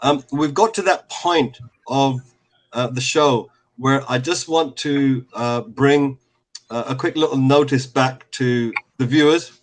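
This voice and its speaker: A man hosting a casual fan call-in show, relaxed and rambling, with many fillers. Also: mid-range voice, takes it slowly.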